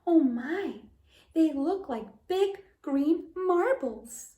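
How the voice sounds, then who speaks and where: A woman voicing a quick, cheerful young girl in a fairy tale, eager and wide-eyed. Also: high voice, lively intonation, warm tone, voice pushed up, heavily acted. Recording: roomy echo.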